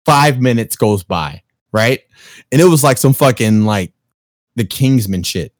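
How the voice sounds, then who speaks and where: A man from Chicago telling a story on a casual podcast chat, profane and animated, acting out quotes with big jumps in pitch. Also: measured pace, no room sound, studio quality.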